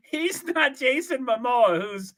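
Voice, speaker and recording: An older man hosts his own livestream and rambles along to his viewers in easy, casual chat. His voice sits high and bright, and it swoops up and down as he wanders between thoughts, chuckling often and filling gaps with "you know" and "anyway.". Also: lively intonation, slow. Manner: meandering, full of fillers, chuckling often. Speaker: livestream host. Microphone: streaming setup, from home.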